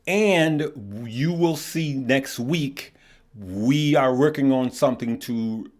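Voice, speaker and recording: A middle-aged man with a medium-pitched voice hosts a live stock market show, chatting loosely with viewers and reading their comments. He often repeats words and checks in with "right?" and "okay?".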